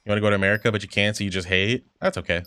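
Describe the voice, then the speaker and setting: A man's voice: lowish voice, fairly even intonation, very fast, pushed and bright, no echo. A man livestreaming while gaming, chatting casually, reading chat aloud and reacting in a rambling, profane way.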